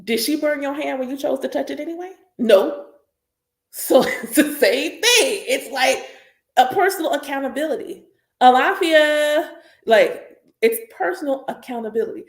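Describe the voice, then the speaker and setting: Animated woman preaching in an echoey room. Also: sits high, normal speed. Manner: animated and emphatic, repeats points for stress. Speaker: spiritual teacher reacting live. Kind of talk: live reaction stream, preachy casual talk.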